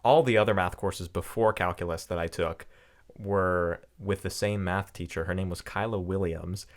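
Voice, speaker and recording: A young man co-hosting a podcast in casual chat, telling animated stories and laughing often. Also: deep voice, normal speed. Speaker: podcast co-host.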